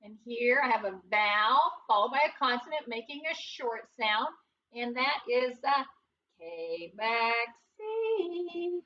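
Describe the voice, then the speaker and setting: A woman teaching a recorded phonics lesson to first graders, slow and patient, with playful sing-song emphasis. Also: high voice, distant mic, highs cut off, slight background noise.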